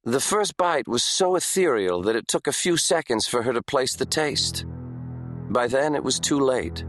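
A man narrating an audiobook thriller in an even, measured storytelling manner. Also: medium pitch, faint music behind. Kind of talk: scripted narration.

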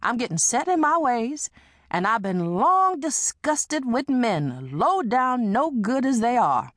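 A woman's voice: fairly high pitch, very animated, slow, fairly bright tone, no room sound, clean studio sound, heavily acted. A woman reading an audiobook and voicing a lonesome, weary middle-aged woman who talks in a plaintive, resigned way.

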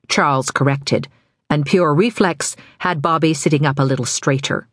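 A woman with a low voice narrates a thriller audiobook in an even, measured storytelling style. It's scripted narration recorded with studio quality and no echo.

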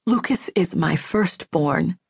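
A woman's voice: lowish voice, animated, slow pace, vocal fry, breathy edge, no room sound, studio quality, exaggerated voice. Woman voicing a bitter, grieving angry mother. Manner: angry, mocking, clipped. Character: bitter grieving middle-aged mother, harsh. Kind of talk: audiobook character voice.

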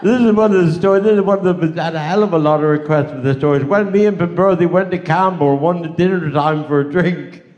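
A man's voice: on the high side, a little fast, hardly any pauses, a little mellow, muffled recording. An older man with a West Country accent telling rambling, bawdy stand-up stories on a live stage, full of "I said, she said.". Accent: West Country English. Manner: rambling bawdy yarn-spinning with repeated "I said, she said". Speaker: stand-up comedian.

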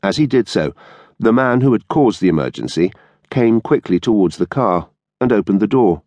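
A man narrating an audiobook in a measured, steady storytelling manner. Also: lowish voice, no room sound. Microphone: studio microphone.

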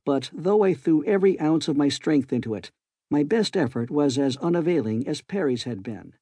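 Man reading an audiobook, calm measured storytelling, kinda husky and soft-toned. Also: fairly high pitch, no room sound. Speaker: audiobook narrator. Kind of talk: scripted narration.

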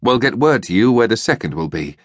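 A man doing a plummy, brisk army officer. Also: lowish voice, very animated, dry recording.

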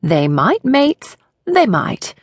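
A woman's voice: fairly high pitch, big pitch swings, extremely slow, slightly rough, no room sound, clean studio sound, pitched above the performer's own voice, exaggerated voice. A woman narrator voicing a bubbly woman who puts on a terrible British accent in an audiobook. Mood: hammy. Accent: put-on British. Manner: chirpy, theatrical. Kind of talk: audiobook character voice.

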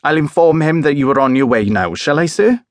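A man reading an audiobook, voicing an eager young woman police dispatcher who gushes her message, pitched up from his own voice. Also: animated, a little fast, dry recording, studio quality, close to an everyday voice. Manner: eager, gushing.

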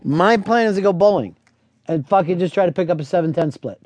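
A man's voice: high-pitched, lively intonation, a little fast, darkish tone, no room sound. Sarcastic man hosting a radio show. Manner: sarcastic, mocking, playful. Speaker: radio host. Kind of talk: comedic radio talk, riffing and role-playing. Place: radio studio. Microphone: studio mic.

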